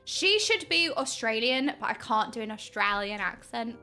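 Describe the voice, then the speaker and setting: A woman's voice: a little high, normal speed, faint music behind. A woman streaming a game, chatting playfully and giddily with her viewers. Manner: giddy, playful, squeals when excited. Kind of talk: casual game stream commentary.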